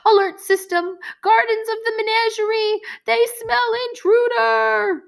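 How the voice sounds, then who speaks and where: A woman voicing an excitable male beaked creature in an audiobook, squawking in clipped, broken phrases. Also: extremely high pitch, measured pace, gravelly, pitched above the performer's own voice, exaggerated voice. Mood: panicked.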